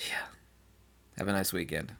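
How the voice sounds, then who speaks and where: A man talking alone in a rambling philosophical monologue, sardonic and laughing at his own jokes, acting out mock dialogues and swinging from quiet mutters to loud exclamations. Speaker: channel host.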